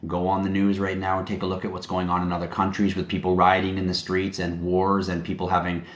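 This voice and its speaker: Low-voiced man, confident livestream host. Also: completely flat delivery, quick pace. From Canada. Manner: emphatic, confident, preachy. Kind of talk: casual livestream talk. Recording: roomy echo.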